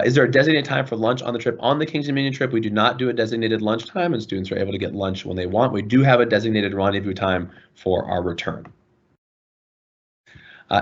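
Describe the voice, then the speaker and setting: A man with a fairly low voice leads an online session for parents, answering questions in an earnest, apologetic way. The sound is dull and lo-fi, like video call audio. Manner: earnest, apologetic, warm toward students. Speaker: school administrator.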